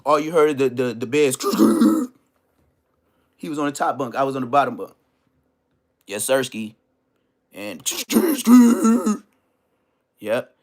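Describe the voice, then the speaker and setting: Animated Los man telling stories. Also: medium pitch, slow, pauses often. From Inglewood, Los Angeles. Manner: animated, slang-heavy, bursts into loud exclamations. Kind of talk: casual storytelling rant.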